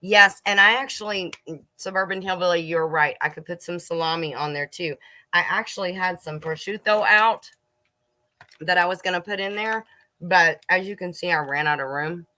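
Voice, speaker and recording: A middle-aged woman chats casually on a homestead livestream from her kitchen. Her voice sits on the low side yet sounds bright and forward. She talks easily to viewers, laughing and snacking as she goes. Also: normal speed. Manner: chatty, laughs and munches while talking to viewers.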